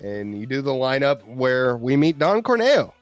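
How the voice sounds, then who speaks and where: A man's voice: mid-range voice, normal speed, no room sound, soft background music. A man co-hosting a casual gaming podcast, retelling scenes with lots of laughter and swearing. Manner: animated storyteller, laughs often, swears freely. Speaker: podcast co-host.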